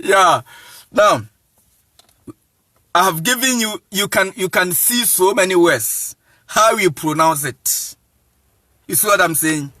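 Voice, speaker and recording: High, bright-voiced Ghanaian man lecturing. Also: no echo, studio quality. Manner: insistent, repeats "you see what I'm saying", chuckles often. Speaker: evangelist teaching. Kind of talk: informal lecture monologue.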